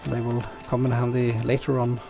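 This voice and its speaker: Gravelly man with a non-native accent. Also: mid-range voice, a little fast, faint music behind. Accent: non-native English. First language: not English. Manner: relaxed, self-deprecating, thinking aloud. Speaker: let's play host. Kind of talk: game commentary and narration.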